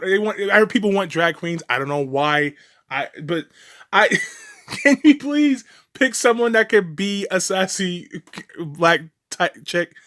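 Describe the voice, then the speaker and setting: A man with a notably high voice delivers a ranting reaction commentary. He is profane, sarcastic and mocking, and he rambles with restarts and short laughs. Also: sharp tone.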